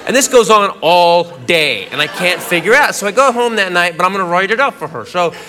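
A man's voice: sits high, animated, brisk. A man doing stand-up, telling a rambling story and often breaking into giggles on a comedy club stage. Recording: live club recording with audience noise.

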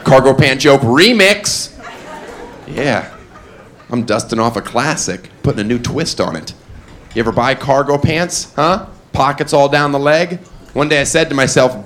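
Deadpan male stand-up comic. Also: mid-range voice, normal speed. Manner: deadpan, mock-earnest, playful asides. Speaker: stand-up comedian. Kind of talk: stand-up comedy set. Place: comedy club stage with audience. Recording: live club, audience laughter and noise.

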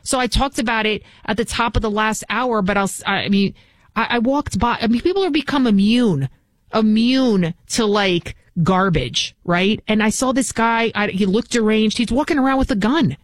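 A woman's voice: on the high side, normal speed, no echo. A woman filling in as a talk radio host, delivering a combative, scornful political monologue into a studio mic.

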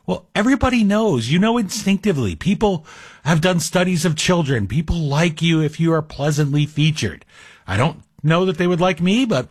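A man's voice: fairly high pitch, animated, normal speed, slightly rough, dry recording, clean studio sound. A man guest hosting a talk radio show, chatting in a digressive, self-deprecating monologue. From Greek heritage.

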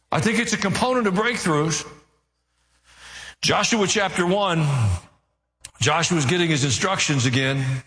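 A man preaching a sermon, earnest and climbing in intensity, with the odd dry aside. His voice sits a bit high for a man. The sound carries a long reverb, as in a big hall. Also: a little slow, pauses often, a bit bright.

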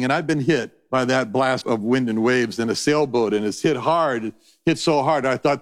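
A middle-aged man, a Bible teacher, preaching a sermon in an animated, rambling storytelling manner. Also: mid-range voice, moderate pace.

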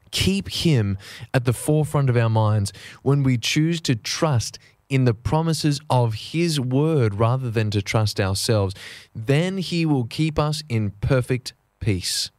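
Male preacher, mid pitch, earnest and measured sermon delivery, dry close-miked sound. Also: a little mellow, dry recording. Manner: earnest, measured, slows down for emphasis.

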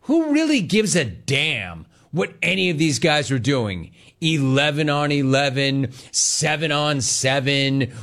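A man hosting a sports talk show, giving opinionated commentary with animated delivery, mocking mimicry and frequent laughs. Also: a little high.

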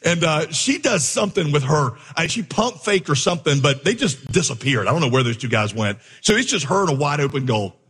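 Guy preaching, tells a story and acts out the lines, slightly raspy, echo like a big church hall. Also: fairly high pitch, a little fast, hardly any pauses. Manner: animated storyteller, acts out dialogue. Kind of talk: sermon with storytelling. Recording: long hall reverb.

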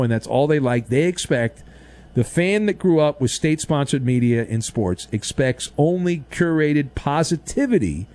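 A man hosting a sports talk radio show, riffing sarcastically and mockingly in a studio monologue. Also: fairly high pitch. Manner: sarcastic, mocking, animated riffs.

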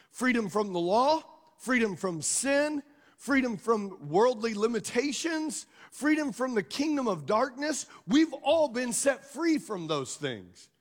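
A man preaching a sermon with an unusually high voice for a man, his words trailing off in a long hall reverb. He mixes scripture with jokes and stories and keeps calling on the congregation to answer back. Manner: call-and-response with the congregation, asking them to answer aloud; conversational, jokes and stories mixed with scripture reading. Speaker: pastor.

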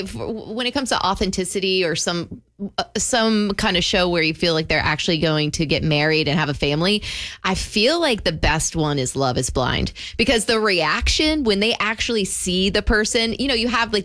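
A woman's voice: fairly low pitch, lively intonation, fairly bright tone. A woman co-hosting a radio show, chatting eagerly and laughing easily. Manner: chatty, quick to laugh, enthusiastic. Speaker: radio co-host. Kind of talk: casual radio banter. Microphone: studio microphone.

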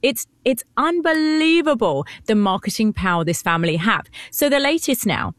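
A woman with a British accent co-hosting a talk show, chatty and animated, laughing often. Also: medium pitch, normal speed, no echo, studio quality. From Britain. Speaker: co-host. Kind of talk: casual chat.

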